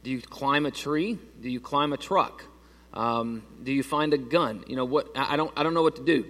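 In a church sanctuary, a pastor preaches a sermon, telling a story conversationally with lots of restarts and fillers. His voice is medium-pitched and a bit bright at a moderate pace, with a big-room sound.

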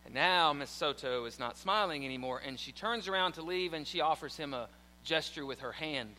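A man's voice: fairly high pitch, expressive, a little fast, sharp tone, slight background noise. A man preaching a sermon in church, telling a story animatedly and acting out the quotes. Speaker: pastor. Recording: long hall reverb.

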